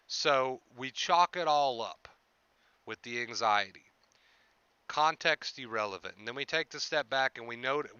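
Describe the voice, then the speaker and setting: A man talks through anxiety coaching on a live stream, earnest and reassuring, circling back to the same points again and again. His voice is bright and smooth. The sound is dry and a little dull. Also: mid-range voice, dry recording.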